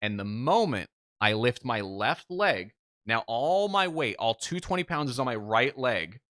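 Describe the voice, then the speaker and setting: A man co-hosts a podcast and tells a story in an animated, self-mocking way, swearing freely. His voice is forceful and bright, set at an average pitch. The recording is close and dry. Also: unhurried, dry recording. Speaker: podcast co-host. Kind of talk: casual storytelling chat.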